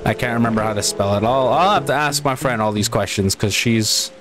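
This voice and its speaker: A man hosting a gaming channel, giving unhurried, casual let's-play commentary and musing aloud as he plays. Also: mid-range voice, music in the background. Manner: unhurried, casual, muses and restarts while playing.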